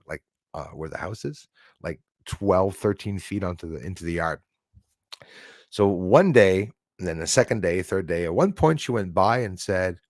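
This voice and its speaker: A man's voice: sits low, dry recording, clean studio sound. A Canadian man telling rambling, digressive stories on a casual livestream, restarting his sentences and wandering off into asides. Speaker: livestream host.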